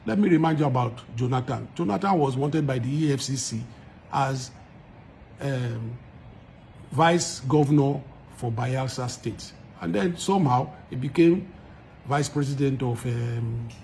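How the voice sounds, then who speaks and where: A medium-pitched, darkish male voice carries a Nigerian accent as a musician talks to camera for his followers. He is emphatic and argumentative, restating points to drive them home, and there's a bit of background noise.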